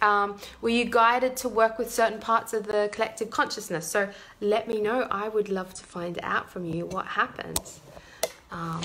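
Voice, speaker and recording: A woman energy healer guiding a live meditation in a soft, unhurried voice, repeating gentle affirmations and then reading viewer comments aloud. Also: mid-range voice, vocal fry, slight background noise.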